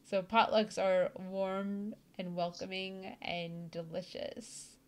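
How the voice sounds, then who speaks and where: A woman's voice: mid-range voice, fairly even intonation, slow pace, a little mellow, smooth. A woman hosting a casual chat, bubbly and enthusiastic and laughing often between thoughts. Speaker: host.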